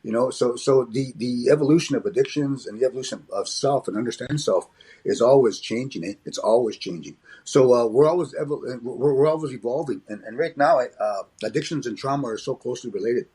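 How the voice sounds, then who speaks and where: A husky-voiced older man from Alberta speaks in a reflective interview. He circles back over his words and ends many lines with "eh?". His tone is measured and middle-pitched. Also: warm tone. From Alberta, Canada. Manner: frequent restarts and tag "eh?". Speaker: comedian and motivational speaker, interview guest.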